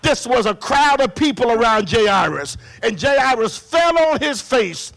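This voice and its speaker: Male pastor, very high gravelly voice, preaching a sermon with shouted singsong peaks. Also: very animated, measured pace. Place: church. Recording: live church recording.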